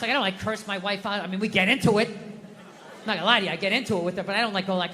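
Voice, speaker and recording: Brief: middle-aged male stand-up, bright forceful delivery, profane self-deprecating rants, live room with long reverb. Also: sits high, fairly even intonation, very fast, a little hiss or hum. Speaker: stand-up comedian. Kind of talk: stand-up comedy routine. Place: comedy stage before a live audience.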